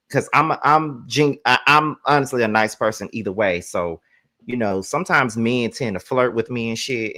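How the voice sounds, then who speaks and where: A man's voice: on the low side, pushed and bright, no echo, clean studio sound. A man giving candid, casual asides to the camera, repeating himself and swearing freely. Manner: candid, repetitive, profane. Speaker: vlogger commenting. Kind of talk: casual commentary.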